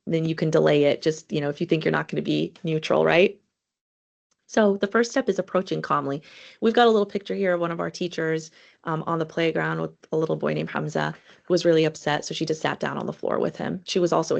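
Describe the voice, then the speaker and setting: A woman's voice: on the low side, vocal fry. A woman presenting an educators' webinar in a conversational, earnest way, with frequent fillers and restarts.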